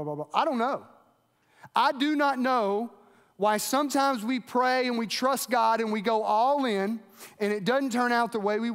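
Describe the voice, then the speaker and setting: A man preaching an earnest, conversational sermon as pastor, often repeating himself as he speaks. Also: sits high. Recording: long hall reverb.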